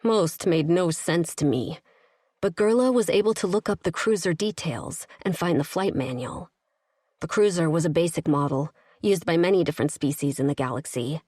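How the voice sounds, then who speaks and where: Low-voiced woman reading a romance audiobook. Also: normal speed, a little mellow, no echo, clean studio sound. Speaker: audiobook narrator. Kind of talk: first-person romance audiobook narration.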